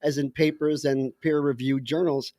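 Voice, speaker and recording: A man co-hosting a casual chat show as the resident scientist, explaining things wryly with halting fillers. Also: fairly high pitch, fairly even intonation, warm tone, dry recording. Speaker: scientist co-host.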